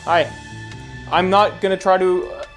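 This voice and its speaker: A man giving jokey, rambling gameplay commentary who breaks into panicked shouts. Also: high voice, fairly even intonation, measured pace, soft background music. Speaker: VR gaming YouTuber.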